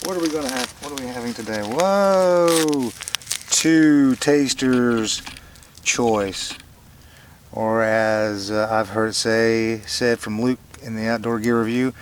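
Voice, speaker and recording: A man's voice: lowish voice, distant mic. A middle-aged man vlogging casually at a campsite, rambling with many fillers and restarts. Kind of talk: casual solo camping vlog. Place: outdoor campsite. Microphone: camera mic. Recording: noisy camera audio with autofocus clicks.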